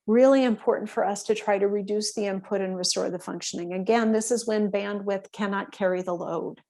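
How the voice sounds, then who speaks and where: A woman giving a calm, explanatory instructional talk to veterinary staff, often checking in with her listeners. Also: medium pitch, vocal fry. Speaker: workshop presenter for veterinary staff.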